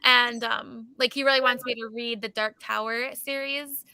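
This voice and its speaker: A woman's voice: a little high, steady tone, moderate pace, vocal fry, bright, forceful tone, clear, resonant tone, no echo, studio quality. A young adult woman hosting a casual reading livestream, chatty and full of fillers, laughing often. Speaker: livestream host. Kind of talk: casual chat.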